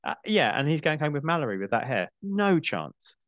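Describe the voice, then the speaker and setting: A man's voice: on the high side, animated, quick pace, a bit bright, no echo, highs cut off. A middle-aged man hosting a casual film chat, thinking aloud and restarting his sentences. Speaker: podcast host.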